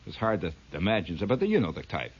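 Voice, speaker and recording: A man's voice: deep voice, expressive, fairly quick, breathy edge. Rambling, laughing comic storyteller man. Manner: rambling, laughing at his own tale. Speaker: comedian. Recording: dull lo-fi old recording.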